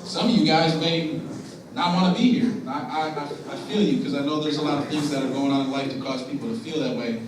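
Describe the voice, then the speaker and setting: A young man addresses students in an earnest, direct way, putting questions to the room. His voice sits slightly high for a man. It echoes heavily around a big school hall and sounds distant, with faint room noise underneath. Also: fairly quick, crowd noise. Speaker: motivational speaker. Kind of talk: school assembly talk. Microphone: distant from the recording device.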